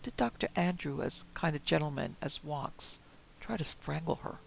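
A man's voice: fairly high pitch, animated, normal speed, creaky, a little hiss or hum, rough recording. A man reading as a gossipy old housekeeper. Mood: indignant. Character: gossipy older female housekeeper, dignified.

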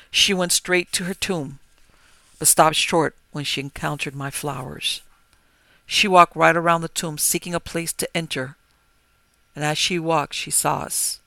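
A man narrating a gothic horror story in a measured, grave manner. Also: a little high, vocal fry, dry recording. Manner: measured, grave, rising to forceful cries. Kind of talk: dramatic gothic story reading.

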